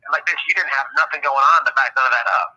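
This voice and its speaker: A man on a call from jail, venting casually in a fast, profane, heated rant. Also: medium pitch, pushed and bright. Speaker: caller on the show from jail. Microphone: phone call. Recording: tinny phone line.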